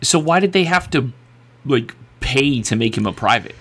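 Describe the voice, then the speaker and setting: A man's voice: medium pitch, expressive, moderate pace, fairly bright tone, slightly rough. A man bantering on a podcast, brash and profane, joking and questioning. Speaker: podcast co-host.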